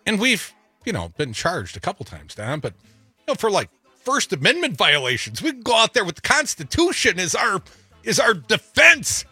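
A man's voice: high-pitched, wildly swooping pitch, moderate pace, pushed and bright, slightly rough, dry recording, faint music behind. A man co-hosting a talk radio show, sarcastic and emphatic, taking calls and ranting about politics. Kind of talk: opinionated talk radio banter. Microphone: studio microphone.

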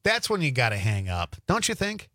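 Laid-back radio co-host, dry studio sound. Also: male voice, mid-range voice, huge pitch swings, normal speed, fairly bright tone, no echo. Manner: laid-back, teasing banter. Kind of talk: casual radio chat.

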